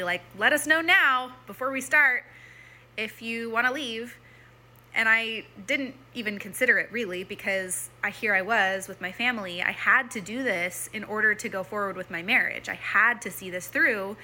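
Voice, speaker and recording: A woman's voice: fairly high pitch, pushed and bright. A young woman telling a personal story in a chatty way, full of "like" and "um", often acting out her own past thoughts. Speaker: former church member telling her story.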